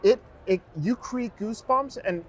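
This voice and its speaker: Podcast host guy with a pretty high voice, earnest and encouraging, casual chat. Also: moderate pace.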